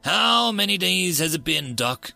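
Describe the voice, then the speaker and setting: A man's voice: high voice, big pitch swings, unhurried, creaky, sharp tone, faint music behind, voice pushed up, heavily acted. A man voicing a defiant, crude captured human prisoner who taunts his interrogator. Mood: taunting.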